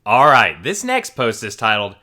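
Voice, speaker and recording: A man hosting a channel and narrating online posts in an animated, expressive storytelling way. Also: mid-range voice, normal speed. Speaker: channel host reading stories.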